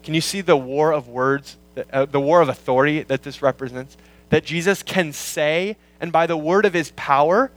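A pastor working through a scripture passage in a sermon, explaining word meanings and repeating key lines for emphasis. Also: male voice, fairly high pitch, poor audio. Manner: quotes scripture in slowed, weighty tones. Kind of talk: expository sermon.

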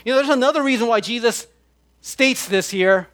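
A man preaching a sermon, slowing down and stressing his words as he quotes scripture. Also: extremely high pitch, fairly bright tone. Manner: slow, emphatic preaching with drawn-out scripture quotes. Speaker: pastor.

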